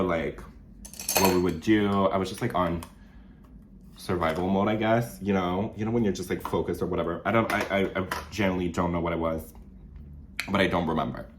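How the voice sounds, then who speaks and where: A man's voice: steady tone, brisk, background noise. A young man with a French Canadian accent, chatting casually to camera while doing makeup, rambling with lots of fillers and restarts. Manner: rambling, many fillers and restarts, sudden jumps up in pitch. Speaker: vlogger. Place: small studio apartment.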